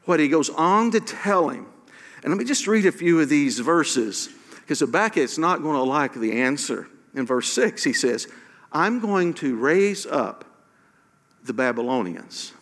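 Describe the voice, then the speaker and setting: A man preaching a sermon as pastor, animated, acting out quoted prayers with emphatic questions. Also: a little high, moderate pace, in a large hall.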